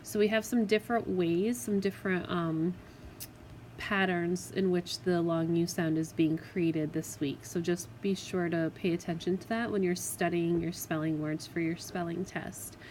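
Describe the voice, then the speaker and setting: A woman teacher giving a recorded spelling lesson to children, patient and clear, sounding out words syllable by syllable. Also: lowish voice, steady tone, a little slow, a little mellow, slight background noise, low-quality recording. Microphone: tablet microphone.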